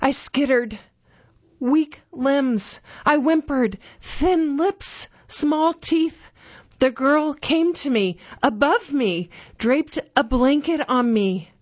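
A woman with a high voice reads a dark first-person story. She takes it slowly and dramatically, with measured phrasing. The recording is dull and lo-fi. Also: expressive.

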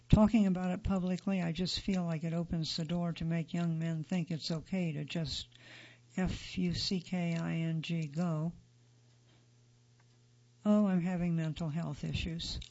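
A man reads a magazine feature aloud in a steady, neutral way. His voice sits high and carries a gravelly edge. The recording is dull and lo-fi. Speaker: article narrator. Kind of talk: scripted narration of a magazine feature.

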